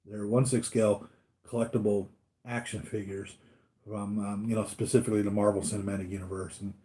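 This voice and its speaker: A man's voice: on the low side, level tone, a little fast, dark tone. A man hosting a live stream about his collectibles, chatting casually and rambling, acting out the voices of people in his stories. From United States. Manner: rambling, acts out voices of others in anecdotes. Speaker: collectibles channel host.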